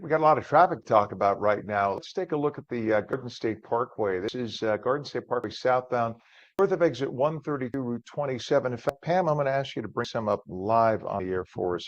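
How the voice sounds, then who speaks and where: A man's voice: medium pitch, fast. Upbeat male morning show host. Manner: upbeat, chatty. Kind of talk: live morning news and talk. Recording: dull, dry studio sound.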